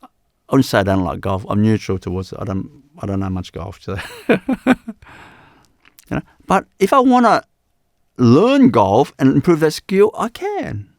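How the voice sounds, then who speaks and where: A man giving a live spiritual talk as teacher, unhurried and repeating his phrases with many "you know"s. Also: mid-range voice, sing-song, no echo, clean studio sound.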